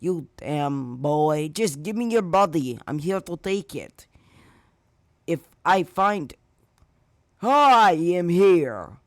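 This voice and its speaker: A man voicing a male sludge monster villain in a fan story, loud, pushy and threatening. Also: a little high, animated, takes it slowly, no echo, clean studio sound. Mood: menacing.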